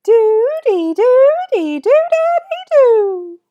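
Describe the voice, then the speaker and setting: A woman music teacher putting on a squeaky, very high silly voice for children to copy. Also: big pitch swings, extremely slow, mellow, highs cut off, exaggerated voice. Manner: squeaky, playful.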